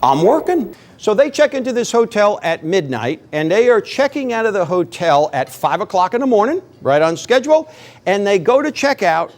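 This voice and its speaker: A man's voice: sits high, moderate pace. A middle-aged man giving a humorous motivational speech, telling stories with voiced characters and talking to the audience. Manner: animated storytelling with voiced characters and audience asides. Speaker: motivational speaker.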